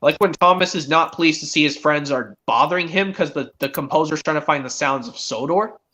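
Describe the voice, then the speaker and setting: A man's voice: on the high side, a little fast, bright, forceful tone. A teenage boy streaming, chatting eagerly in a rambling way with many restarts. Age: teens. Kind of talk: casual chat.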